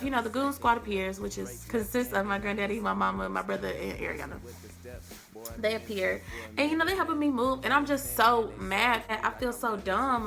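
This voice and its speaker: A young woman vlogger, telling a dramatic storytime in a casual, animated way. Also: mid-range voice, gravelly. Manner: animated, dramatic, acts out quotes. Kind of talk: storytime vlog. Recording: faint background music.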